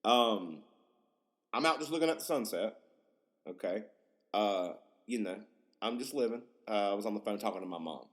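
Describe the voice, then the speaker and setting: A man in his twenties hosting a podcast, rambling casually, swearing a lot and getting excited. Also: fairly low pitch, moderate pace, pauses often. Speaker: podcast host.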